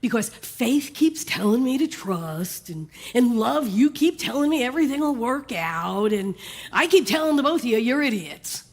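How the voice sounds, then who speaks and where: A jittery, fretful personified Fear, put on by a woman preacher in a joke told from the pulpit. The voice is pitched high and stammers through its complaints, and it is never at ease. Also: lively intonation, normal speed. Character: anxious fretful Fear, worrying about everything.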